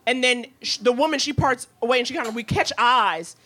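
A woman co-hosting a podcast, telling a comic story in a lively, profane way. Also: a little high, a little fast. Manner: profane, lively, slips into voices for the people in her stories. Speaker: podcast co-host.

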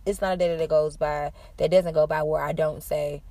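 A young woman hosting a podcast, telling a story in a casual, animated way, cursing freely and jumping up into excited exclamations. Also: normal speed, no room sound. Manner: animated, profane, jumps to high excited exclamations. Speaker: podcast host.

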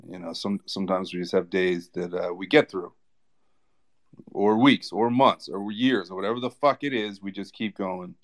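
A man chatting casually, speaking warmly and swearing now and then. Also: sits low, fairly even intonation, moderate pace. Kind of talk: casual chat.

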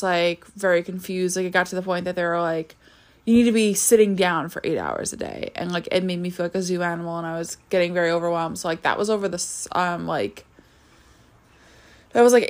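A young woman in her twenties talking casually about her life as a podcast host, tired and yawning, rambling with many fillers and restarts. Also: fairly low pitch. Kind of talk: casual personal vlog talk.

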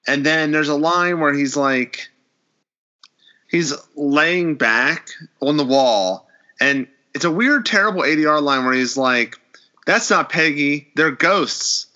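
A man in a casual podcast chat, retelling a horror episode with animated storytelling and acting out the characters' lines. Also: a little high, measured pace, highs cut off.

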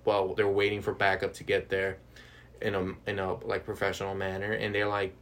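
A man's voice: deep voice, brisk. A man co-hosting a casual podcast, rambling through a story with many fillers. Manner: rambling, filler-heavy, animated. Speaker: podcast co-host. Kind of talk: casual chat.

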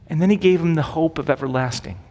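Conversational pastor in a reverberant space. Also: male voice, a little high, fast talker, warm tone. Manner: casual, asks rhetorical questions with "right?". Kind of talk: conversational Bible teaching. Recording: long reverb.

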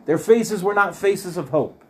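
Man, high voice, earnest Torah class, storytelling, repeats phrases for emphasis. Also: lively intonation, a little slow, a little mellow, a little hiss or hum. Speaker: Torah teacher.

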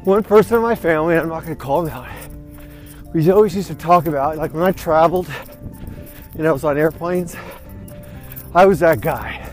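Over soft background music, a vlog host with a fairly high, darkish-toned voice talks outdoors while walking or running, a bit out of breath. He speaks at normal speed with long pauses, rambling upbeat motivation and often saying "you know what".

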